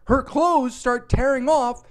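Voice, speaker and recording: A man narrating a comic storytime in an animated, profane, exaggerated way. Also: very high-pitched, takes it slowly.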